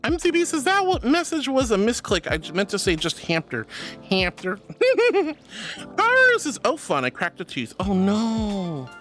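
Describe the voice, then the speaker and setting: A woman's voice: huge pitch swings, moderate pace, a bit bright, faint music behind. A woman streamer reading out chat messages in a bubbly, affectionate way, calling her viewers sweetheart and darling. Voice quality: squeaky laugh.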